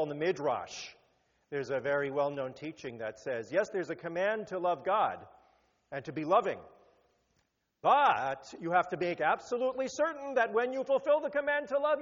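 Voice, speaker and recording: A rabbi giving a sermon, animated, rising to emphatic peaks and then dropping low. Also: male voice, normal speed. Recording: muffled sound with long hall reverb.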